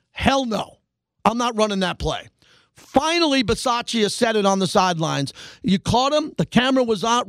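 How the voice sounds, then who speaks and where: A high-voiced man hosting a sports talk show, firing off a fast, emphatic monologue and hammering his points home by repeating them. The sound is dry and close to the mic, with no room around it. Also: dry recording. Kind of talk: animated sports radio monologue.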